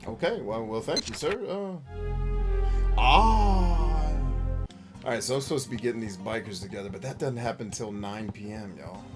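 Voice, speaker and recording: Male game streamer, animated and profane, casual running commentary. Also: medium pitch, moderate pace, music in the background. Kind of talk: casual let's-play commentary.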